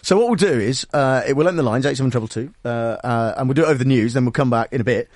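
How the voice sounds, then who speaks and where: A man's voice: medium pitch, rapid-fire, darkish tone, no room sound, studio quality. A man hosting a talk radio show, teasing and joking with his producer in casual banter. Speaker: radio host.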